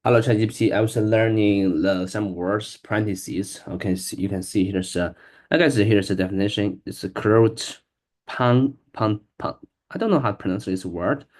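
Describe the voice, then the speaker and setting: A man's voice: on the low side, moderate pace, darkish tone. A man learning English, reading aloud hesitantly, with many restarts and stumbles over words. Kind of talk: casual reading-aloud practice.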